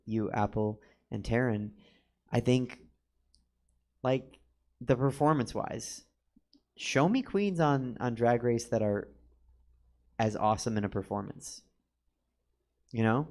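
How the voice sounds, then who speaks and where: A man with a mid-range, darkish voice hosts a casual interview as a drag performer in a comedy theater's studio. He jokes and teases his guest, tossing in quick asides.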